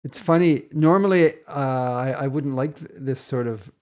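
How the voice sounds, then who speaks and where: A man's voice: medium pitch, normal speed, a little mellow. A middle-aged father chatting casually about a song he just heard, hesitant and searching for words, often checking in with a "right?". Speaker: father reacting to music. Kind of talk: casual reaction chat.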